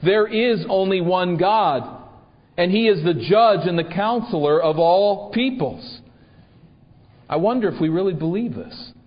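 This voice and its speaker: A man's voice: high-pitched, animated, unhurried, long reverb tail, lo-fi sound. A man preaching a sermon, reading scripture and asking the congregation rhetorical questions. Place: church.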